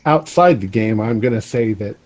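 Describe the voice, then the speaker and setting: A man running a tabletop game as game master, measured and relaxed, with some fillers. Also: lowish voice, poor audio.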